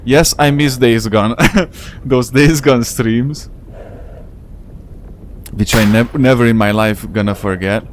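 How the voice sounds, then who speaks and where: A man streaming a game and chatting with his viewers in a rambling, slangy way, his English carrying a non-native accent. His voice sits at an ordinary middle pitch, with faint background noise under the talk. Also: steady tone, slow pace, long pauses. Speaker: gaming streamer. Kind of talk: casual live gameplay commentary.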